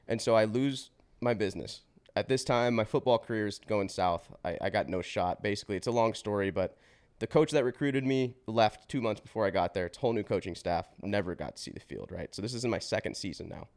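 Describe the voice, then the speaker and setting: A man in his twenties, a podcast guest, telling his life story in a casual, slangy way with swearing and quick restarts. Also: lowish voice, a little mellow. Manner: slangy and swearing, says bro and dude; fast run-on telling with restarts.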